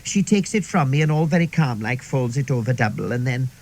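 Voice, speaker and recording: A man's voice: medium pitch, expressive, a little fast, a little mellow, natural voice, rough recording. A man playing a chatty, middle-aged Welsh woman in a radio comedy monologue, who tells rambling stories sprinkled with "like" and "see". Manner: rambling, confiding, peppered with "like" and "see".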